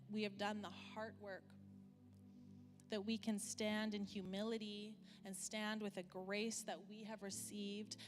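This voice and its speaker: A woman, preaching a sermon as a candid, conversational personal story, with many fillers and slower stretches for emphasis. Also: medium pitch. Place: church hall. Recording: church hall reverb with music.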